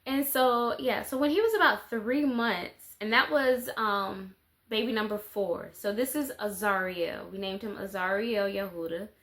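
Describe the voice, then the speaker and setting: A woman's voice: medium pitch, a little slow, a bit bright. A woman, chatting casually and rambling in a life-update vlog, with lots of fillers. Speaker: mother and vlogger.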